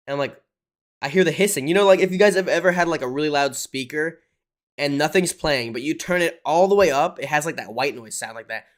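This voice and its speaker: Casual swearing man hosting a crypto stream. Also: on the high side. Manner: casual, swears often, says "dude" and "um" a lot. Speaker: crypto livestream host. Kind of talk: casual livestream chart analysis.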